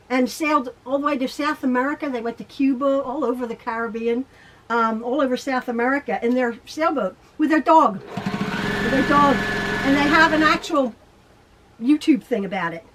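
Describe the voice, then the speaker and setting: A middle-aged woman with a high voice teaches quilting from her home sewing room. She rambles, talks to herself and laughs as she sews. A sewing machine runs clearly behind her. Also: noisy background. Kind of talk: chatty home sewing tutorial.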